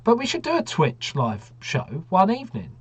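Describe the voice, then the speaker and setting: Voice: medium pitch, wildly swooping pitch, normal speed, slightly rough, no echo. Teasing podcast co-host, dry sound. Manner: teasing, skeptical interjections. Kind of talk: casual chat.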